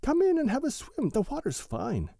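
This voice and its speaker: Man doing a high playful muskrat. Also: huge pitch swings, moderate pace, gravelly, dark tone, dry recording, studio quality, heavily acted. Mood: friendly.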